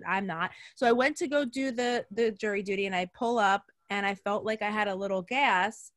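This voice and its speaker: A woman's voice: medium pitch, moderate pace, no room sound, studio quality. A woman guest telling a story on a video call, acting out the dialogue. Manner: animated, acts out quoted dialogue.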